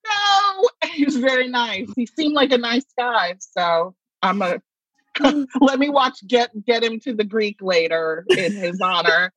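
A woman's voice: on the high side, lively intonation, a little slow, fairly bright tone, no room sound, muffled recording. A woman guest telling a story in casual conversation, laughing often as she talks. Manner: chatty, laughs often while telling stories. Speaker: guest writer. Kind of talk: casual chat, anecdote telling.

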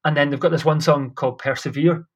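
A man's voice: fairly high pitch, steady tone, fast, husky, lo-fi sound. A young man telling stories in a casual chat as a podcast guest, enthusiastic and rambling.

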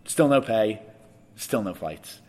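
A young man with a lowish voice tells a long anecdote in relaxed conversation. He laughs often and acts out what other people said as he goes. The talk is casual and lively. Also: slow pace. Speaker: guest. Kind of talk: casual storytelling chat.

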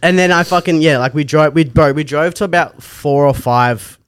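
A young man telling a long story in casual podcast chat, animated and rambling with heavy swearing. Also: a little high, normal speed, clean tone. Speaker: comedian.

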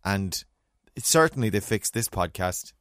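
An Irish man hosting a podcast, telling stories in animated casual chat with wry asides. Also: lowish voice, measured pace, no echo, studio quality. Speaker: podcast host.

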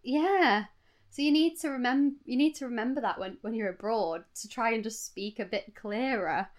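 A woman's voice: a little high, normal speed. Chatty British woman telling stories. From United Kingdom. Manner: chatty storyteller, giggly. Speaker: podcast co-host. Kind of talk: casual chat.

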